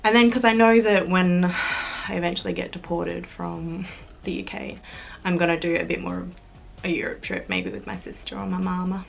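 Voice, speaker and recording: A woman's voice: lowish voice, gravelly. A young Australian woman chatting casually to camera in a vlog, bubbly and chatty with fillers and giggles. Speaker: YouTuber.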